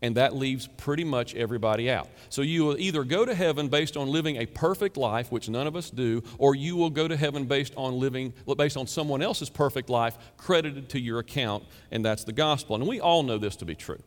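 A man's voice: mid-range voice, fairly quick, hardly any pauses. Emphatic preacher man in a reverberant hall. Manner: emphatic, conversational preaching with rhetorical questions. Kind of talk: sermon.

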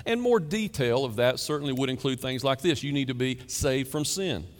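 Male preacher, mid-pitched voice, conversational but emphatic delivery, rhetorical questions, long hall reverb. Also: expressive, moderate pace. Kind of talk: sermon.

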